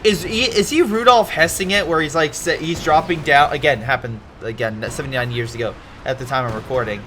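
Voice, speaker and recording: A man's voice: fairly high pitch, a little fast, pushed and bright, slight background noise. Rambling man commentating a game replay. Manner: rambling, chatty, many fillers and restarts. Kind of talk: casual game commentary with history tangents.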